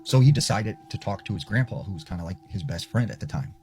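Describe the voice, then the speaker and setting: A man's voice: on the low side, animated, fast. A man casually telling a spooky story, chatty and loose, full of filler words. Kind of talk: casual spoken ghost story. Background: music.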